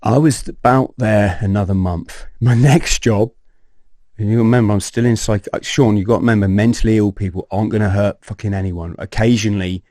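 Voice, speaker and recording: A man, a podcast guest telling his personal story in an animated way, swearing and acting out scenes. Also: lowish voice, a little fast, dry recording, clean studio sound.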